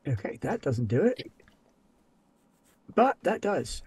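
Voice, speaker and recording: A man's voice: a little high, sing-song, slow pace, darkish tone, husky. A man playing a tabletop game, describing his character's actions in a plain, matter-of-fact way. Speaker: player. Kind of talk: casual tabletop play.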